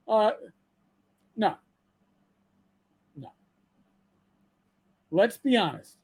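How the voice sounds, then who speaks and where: A man's voice: high voice, animated, a little slow, long pauses, a little mellow. A man hosting his own podcast, delivering an angry rant with frequent swearing and stammered restarts, repeating himself as he gets worked up. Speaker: channel host.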